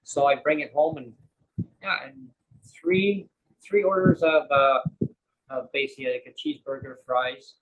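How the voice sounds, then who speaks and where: A man's voice: mid-range voice, a little slow, husky, phone-quality sound. A man, a podcast guest telling a rambling story full of fillers and acted-out quotes. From Canada. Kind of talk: casual storytelling chat.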